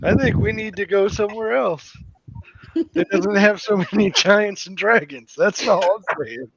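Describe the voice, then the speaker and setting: A man's voice: sits high, moderate pace, vocal fry, a bit bright, husky. A man playing in a tabletop game, wry and complaining, swearing in casual chat. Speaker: player. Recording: dull lo-fi sound.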